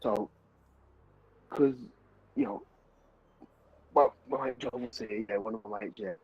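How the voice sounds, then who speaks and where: A man's voice: medium pitch, slow pace, creaky, darkish tone, breathy edge, no echo, dull audio. A young man, rambling through a story in casual chat with friends, full of restarts. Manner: rambling anecdote with many restarts and laughs. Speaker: streamer chatting with friends. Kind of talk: casual chat while gaming.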